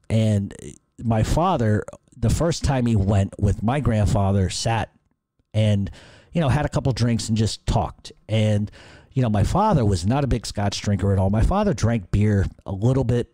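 Low, mellow-voiced man telling rambling stories. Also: no echo. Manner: profane, rambling, laughs at own stories. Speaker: podcast host answering listener questions. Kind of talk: casual storytelling Q&A.

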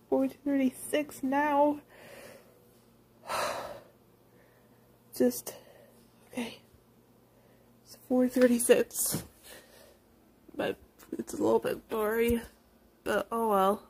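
A nineteen-year-old woman vlogging at home at night, talking in a giddy, rambling way with breathless excitement, recorded on a handheld phone. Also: on the high side, extremely slow, pauses often, a little hiss or hum. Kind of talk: casual birthday vlog.

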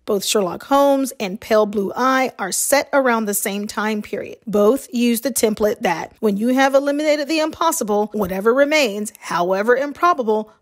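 A woman from the American South with a light Southern accent, reading a film review in a measured, scripted way. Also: fairly high pitch. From Southern United States.

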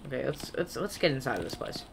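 A gaming creator playing a horror game, reading the on-screen text aloud and joking back at it, sometimes yelling playfully in tense moments. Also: medium pitch, big pitch swings, fast talker, creaky, background noise.

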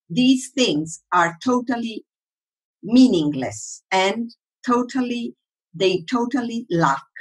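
Slow, husky-voiced woman lecturing. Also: mid-range voice, low-quality recording. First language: Italian. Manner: asks the audience questions, then answers them. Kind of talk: online workshop lecture.

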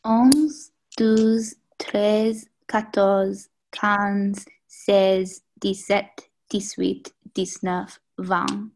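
A woman's voice: mid-range voice, level tone, extremely slow, hardly any pauses, a little mellow, a little hiss or hum, low-quality recording. A woman student carefully counting aloud in a language class.

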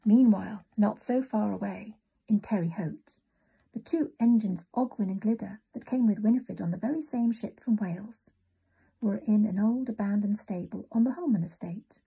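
A woman narrating a children's storybook in a soft, often whispered reading voice. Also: mid-range voice, moderate pace, creaky, breathy edge.

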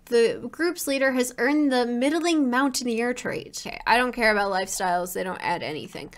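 A woman's voice: a little high, normal speed. A woman hosting a casual let's play, commenting in a profane, exasperated, self-mocking way.

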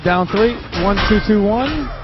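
High-voiced man calling fighting game matches. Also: lively intonation, a little slow, lo-fi sound, over loud music. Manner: profane, joking banter. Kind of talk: casual esports commentary.

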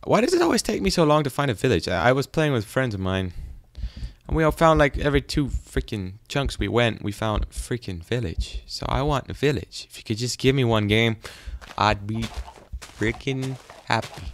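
A man's voice: mid-range voice, big pitch swings, moderate pace, dry recording. A man doing casual, rambling game commentary in a goofy, self-deprecating way, chatting to the animals on screen. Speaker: gaming YouTuber.

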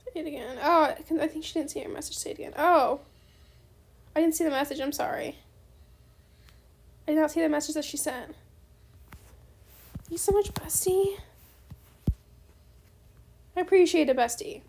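A young woman chatting bubbly and fast while playing a game, often saying bestie. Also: sits high. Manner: bubbly, fast-talking, says bestie a lot. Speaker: gaming YouTuber. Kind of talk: casual gameplay commentary.

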